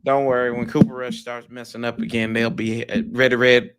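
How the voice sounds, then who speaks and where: A man trading casual, teasing trash talk about football on a live stream, with bursts of loud outrage. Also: mid-range voice, level tone, fairly quick, crowd noise. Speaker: rival fan guest. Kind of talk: casual sports debate.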